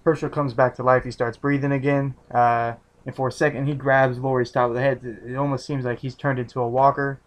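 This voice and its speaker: A man talks through a TV episode in a loose, rambling way, stopping and restarting his sentences and dropping casual swears. His voice sits at an ordinary middle pitch and stays level, with little rise or fall. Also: flat delivery, brisk, few pauses. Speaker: TV episode reviewer.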